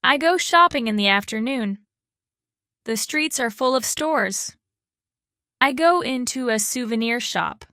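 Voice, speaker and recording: A woman hosting a podcast, reading a slow English lesson in short, careful sentences. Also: a little high, animated, bright, forceful tone, clear, resonant tone, dry recording, clean studio sound. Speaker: podcast host and English teacher.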